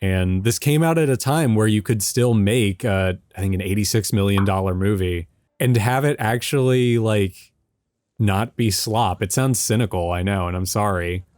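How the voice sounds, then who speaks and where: A young man co-hosts a casual film commentary, joking around and now and then riffing in a silly put-on Southern drawl. His fairly low, darkish voice comes at a normal speed, recorded at studio quality with no echo.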